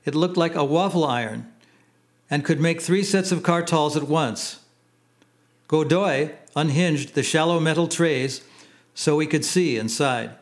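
A man reading his memoir aloud in plain, unhurried storytelling. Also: fairly high pitch. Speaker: narrator. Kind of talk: memoir audiobook narration.

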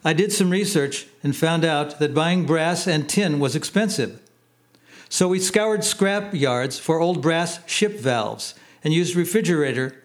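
A man reading his memoir aloud in plain, unhurried storytelling. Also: fairly high pitch. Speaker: narrator. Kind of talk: memoir audiobook narration.

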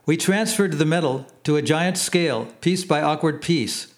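A man reading his memoir aloud in plain, unhurried storytelling. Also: on the high side. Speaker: narrator. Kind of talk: memoir audiobook narration.

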